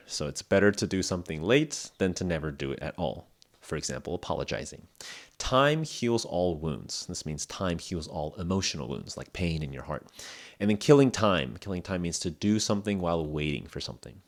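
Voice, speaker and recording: A young man hosting an English lesson podcast, explaining phrases in a relaxed, chatty way with acted examples. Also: low voice. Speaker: English podcast host and teacher. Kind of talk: casual spoken English lesson.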